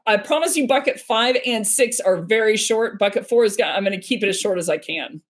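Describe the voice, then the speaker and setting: A woman in her thirties hosting a live stream, casual and animated, acting out little quoted exchanges as she explains. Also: mid-range voice, a little fast. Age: 30s. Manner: animated, nerdy, acts out quoted dialogue.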